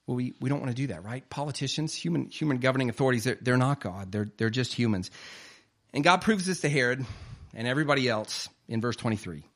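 A man's voice: medium pitch, expressive, fast talker, a bit bright. A man preaching a conversational sermon, often asking "right?" and restarting his words. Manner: conversational preaching, frequent "right?" tag questions and repeated starts. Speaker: pastor.

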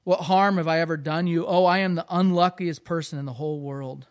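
A man's voice: fairly high pitch, fairly even intonation, a little fast, clear, resonant tone, lightly acted. A man voicing a frightened orphan boy as he reads from a storybook, urgent and pleading. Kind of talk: reading aloud from a storybook.

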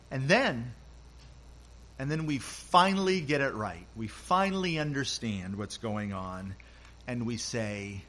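An older man, a grandfather, giving a sermon as pastor, speaking gently and acting out short quoted lines. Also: medium pitch, animated, a little hiss or hum. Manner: slow, gentle storytelling with quoted voices.

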